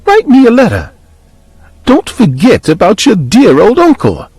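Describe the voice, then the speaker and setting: A man voicing a softly menacing male intruder who calls himself the child's uncle, in a slow, hushed villain monologue for a horror story. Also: high-pitched, huge pitch swings, slightly rough, no echo, voice pushed up, exaggerated voice. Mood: taunting.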